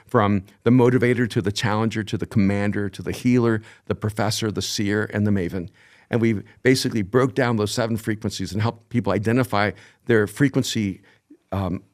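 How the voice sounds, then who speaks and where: A man in his sixties, a podcast guest speaking in a thoughtful, measured, reflective way. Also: lowish voice. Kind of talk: reflective conversation.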